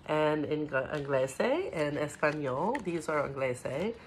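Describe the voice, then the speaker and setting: A woman teaching preschoolers from home, talking gently and encouragingly and mixing in Spanish words. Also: deep voice, expressive, slow pace, slight background noise. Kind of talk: home video lesson for young children.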